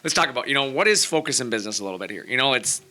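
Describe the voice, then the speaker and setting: Talking rapid-fire in a mid-range voice with lively intonation and a sharp tone, a male podcast host rambles through casual chat. His speech is packed with fillers such as "you know" and "like."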